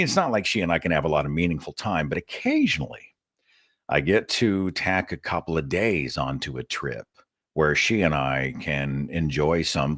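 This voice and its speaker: Oklahoma male call-in host, deep and lively voice, dry close sound, chatty and wry. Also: breathy edge, dry recording. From Oklahoma, USA. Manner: chatty, wry, rambling asides. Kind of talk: live call-in show monologue.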